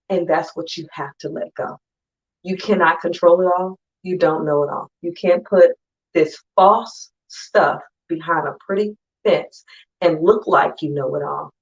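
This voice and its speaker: A woman's voice: fairly low pitch, muffled recording. A woman speaker giving a conversational, emphatic motivational talk to an online audience. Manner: conversational and emphatic, acting out friends in quick asides. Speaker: conference speaker.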